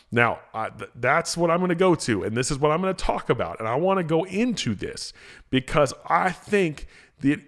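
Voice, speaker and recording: A man hosting a motivational podcast, talking casually with energy, often repeating himself and restarting phrases. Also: a little high. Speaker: podcast host, motivational speaker.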